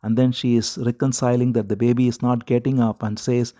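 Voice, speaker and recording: A man teaching a devotional scripture, retelling the story at a measured pace and repeating words as he searches for them. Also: mid-range voice, flat delivery, mellow.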